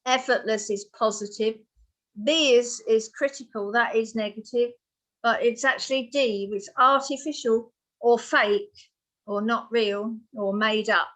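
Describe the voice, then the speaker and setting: A woman's voice: a little high, fairly even intonation, measured pace, fairly bright tone. A woman tutoring for an English exam, patiently explaining word meanings to a student. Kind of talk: one-on-one vocabulary lesson.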